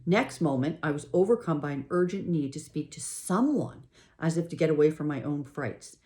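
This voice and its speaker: Low-voiced woman narrating an audiobook. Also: normal speed. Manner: expressive, emotional first-person reading. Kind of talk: scripted narration.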